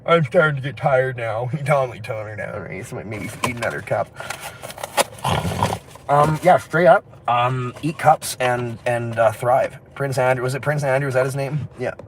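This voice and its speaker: A man's voice: mid-range voice, normal speed. A man livestreams from a phone out on the street, rambling from one thought to the next. He laughs often and swears casually. Faint street noise sits under his voice. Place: outdoors on city streets.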